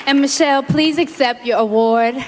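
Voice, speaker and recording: A woman presenting an award with admiring, deliberate words. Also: high voice, noisy background. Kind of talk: presentation speech.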